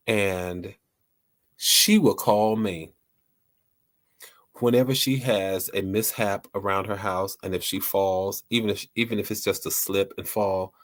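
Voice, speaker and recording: A man hosting a talk show, speaking lightheartedly to his listeners and often restarting and repeating words as he rambles. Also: on the low side. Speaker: host.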